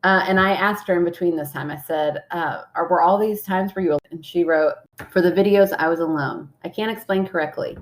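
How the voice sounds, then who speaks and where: A woman's voice: lowish voice, fairly quick. A young woman co-hosting a podcast, chatting casually and reading listener messages aloud, laughing often. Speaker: podcast co-host.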